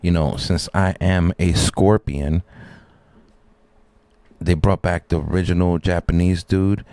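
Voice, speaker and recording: Male streamer, low-pitched, dry and close, loose joking cusser. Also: fairly even intonation, slow, warm tone, no echo. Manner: rambling, profane, jokey. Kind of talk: casual live-stream reaction chat.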